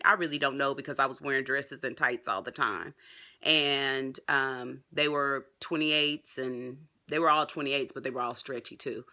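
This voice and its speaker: A woman with a drawl chats excitedly to her viewers in a casual vlog. Her voice is very bright and forward, and she keeps calling them y'all. The delivery stays loose and talkative, with fillers along the way. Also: low voice. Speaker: vlogger.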